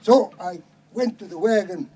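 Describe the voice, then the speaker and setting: A man's voice: sits high, normal speed, mellow, lightly acted. A man playing a boastful farmer, telling a yarn in mock Spanish-flavored broken English and tagging lines with "eh?" at a live reunion skit. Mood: storytelling. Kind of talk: comic storytelling skit. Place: live reunion stage before audience. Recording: noisy live hall recording.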